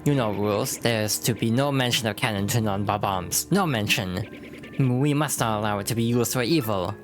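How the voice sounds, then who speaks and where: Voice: medium pitch, moderate pace, music in the background, lightly acted. Streamer doing a grumpy bomb guy official, curt, broken english, refusing stuff. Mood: stubborn. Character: stubborn official bomb creature, gruff.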